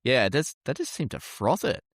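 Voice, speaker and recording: A man's voice: medium pitch, big pitch swings, moderate pace, a bit bright, husky, no room sound, clean studio sound. A man co-hosting a true crime podcast, bantering with crude remarks. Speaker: podcast co-host. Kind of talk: casual true crime chat.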